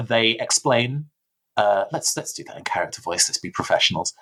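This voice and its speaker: A man narrating a tabletop game as game master, in a measured way with frequent hesitations. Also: on the low side, animated, a bit bright, low-quality recording.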